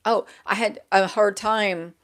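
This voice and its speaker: Speaking slowly in a steady, medium-pitched tone, a woman chats casually to camera while vlogging at home at a table with her laptop. Her voice is a bit crackly over the small handheld microphone, and she rambles, loses her train of thought and laughs at herself.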